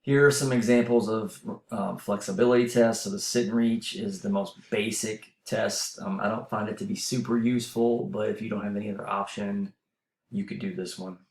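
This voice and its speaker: A man's voice: fairly low pitch, fairly even intonation, normal speed, creaky, a little mellow, echoey room. A man teaching a university class in a casual, explanatory way, with fillers and restarts. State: running out of breath. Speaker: university instructor. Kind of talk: recorded lecture voice-over. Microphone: voice-over mic.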